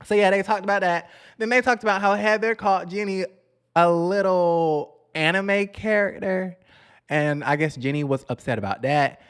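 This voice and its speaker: A man's voice: high-pitched, moderate pace, a bit bright, clean tone. A man hosting a casual commentary vlog on reality TV, sassy and chatty, talking straight to his viewers and calling them honey.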